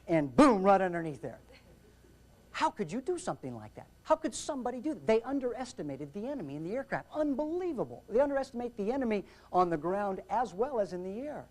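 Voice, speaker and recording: A man giving a humorous aviation safety talk, telling anecdotes in an animated, theatrical way with jokes. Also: high voice, fast talker. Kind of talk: humorous storytelling seminar talk.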